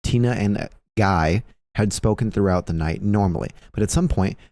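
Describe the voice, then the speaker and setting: Casual low-voiced male streamer, dry mic. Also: normal speed, dry recording. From Filipino heritage. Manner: animated storyteller, swears a lot, acts out quotes loudly. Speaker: streamer host reading forum posts. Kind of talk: casual live-stream chat. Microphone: close streaming mic.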